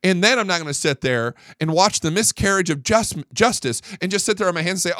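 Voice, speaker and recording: A man's voice: high voice, expressive, a little fast, few pauses, pushed and bright, dry recording, studio quality. A middle-aged man giving a blunt, heated monologue as a podcast host, often stumbling and restarting as he vents. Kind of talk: casual monologue.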